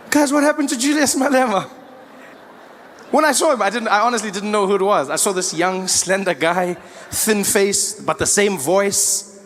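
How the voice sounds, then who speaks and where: A South African man telling stand-up stories into a stage mic, his voice pitched fairly high for a man. He moves in and out of quick character voices, with a faint ambience of the room behind him. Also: a little hiss or hum. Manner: animated storytelling, shifts into character voices. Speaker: stand-up comedian. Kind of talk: stand-up comedy. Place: comedy stage before a live audience.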